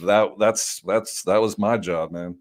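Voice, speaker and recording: Joking guy cohosting a baseball show, animated, trips over his words a bit. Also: lowish voice, measured pace. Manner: jokey and animated, repeats words when starting. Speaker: podcast co-host. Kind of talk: casual chat.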